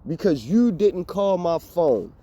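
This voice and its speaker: Young male vlogger, lively exasperated storyteller, mellow timbre, swears freely. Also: high-pitched, slow. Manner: animated, profane, exasperated storytelling. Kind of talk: casual storytime rant.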